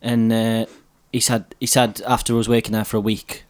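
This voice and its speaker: A man's voice: lowish voice, little pitch movement, a little fast. A man, a cocktail bar owner, chatting casually over drinks, telling stories full of swearing and acted-out quotes.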